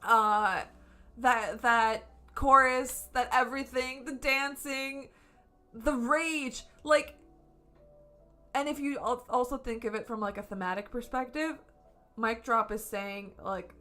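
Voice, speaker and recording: A woman's voice: on the high side, steady tone, takes it slowly, pushed and bright, soft background music. A woman streaming from home, reviewing a concert in a casual, gushing way and swearing freely. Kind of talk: casual excited review chat. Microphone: camera setup at home.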